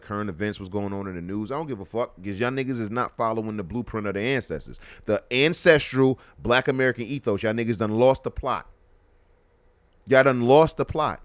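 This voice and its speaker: A man hosting a live podcast, delivering a heated, profane, repetitive rant that swings from loud outbursts to low muttering. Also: no echo. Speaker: podcast host.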